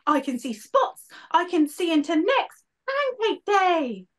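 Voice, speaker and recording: A woman's voice: very high-pitched, big pitch swings, slow, pitched above the performer's own voice, heavily acted. A woman voicing a boastful, melodramatic young woman guardian of a castle, reading aloud from a storybook. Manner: overacted dying gasps.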